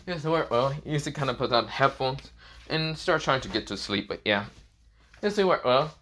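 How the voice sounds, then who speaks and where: A man's voice: mid-range voice, expressive, moderate pace, fairly bright tone, slight background noise. A man casually narrating a made-up fan story, rambling and loosely improvised. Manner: rambling, with frequent fillers and restarts.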